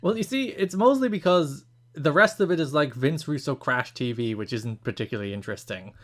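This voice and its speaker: A man's voice: medium pitch, animated, a little fast. A man co-hosting a podcast, explaining at length in a casual, opinionated way with frequent restarts. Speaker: podcast co-host.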